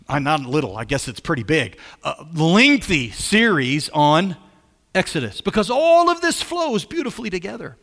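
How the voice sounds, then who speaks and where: High, bright-voiced preaching man. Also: long reverb tail. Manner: animated preaching, repeats phrases, asks the congregation questions. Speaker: pastor. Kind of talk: sermon.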